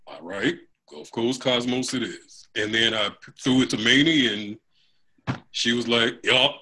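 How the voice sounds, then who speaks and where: A man who co-owns a comic shop, explaining things in a halting way with many restarts. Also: mid-range voice, pushed and bright, poor audio. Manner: halting, lots of fillers and restarts. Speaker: comic shop co-owner, guest. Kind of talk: casual chat.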